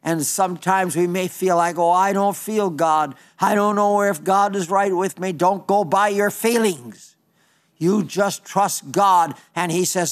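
A man with a high voice preaches an unhurried, earnest sermon. He quotes long passages of scripture and sometimes stops to restart a word.

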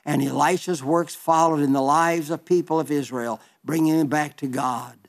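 A man's voice: on the high side, fairly even intonation, moderate pace. A man in his eighties preaching a sermon, telling a Bible story in a fervent style with many repeated phrases. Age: 80s.

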